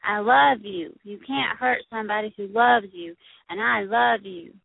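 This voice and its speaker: A woman's voice: medium pitch, unhurried, vocal fry, husky, dry recording, heavily acted. A woman voicing a brave little storybook girl. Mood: tender. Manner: loud, defiant, then tender. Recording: tinny, phone-like dry recording.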